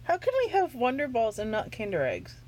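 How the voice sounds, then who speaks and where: A woman's voice: a little high, huge pitch swings, fairly quick, a little mellow, rough recording. Rambling, laughing woman telling stories. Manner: rambling storyteller, laughs often. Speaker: co-host guest. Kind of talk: casual chat while playing a mobile game.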